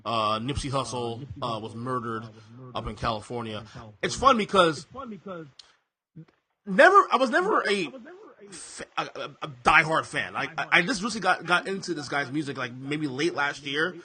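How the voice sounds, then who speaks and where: A man's voice: a little high, lively intonation, normal speed, bright, forceful tone. A man in his thirties hosting a podcast in casual chat, often stammering and repeating words and laughing easily. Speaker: podcast host.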